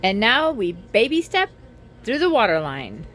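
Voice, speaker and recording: Brief: chatty woman narrator, bright and animated, faint music. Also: fairly high pitch, unhurried, low-quality recording. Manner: upbeat, chatty. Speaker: vlogger narrating a boat refit. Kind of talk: voice-over narration.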